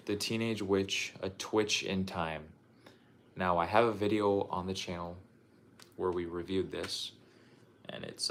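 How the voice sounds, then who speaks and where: A young man talks in a casual, rambling way, dropping curse words and restarting his sentences. His voice sits on the low side. A faint noise hangs behind him in the room. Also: a bit bright. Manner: loose, profane and repetitive, with frequent restarts. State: out of breath. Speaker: streamer showing his game collection. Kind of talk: casual livestream chat.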